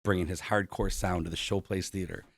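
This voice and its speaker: A man's voice: deep voice, level tone, brisk, vocal fry, slightly rough, no room sound. A man in his forties from Buffalo, a concert promoter telling stories as a guest. He acts out the quoted dialogue and leans on "like" a lot. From Buffalo, New York. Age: 40s. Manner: heavy use of "like". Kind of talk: storytelling interview.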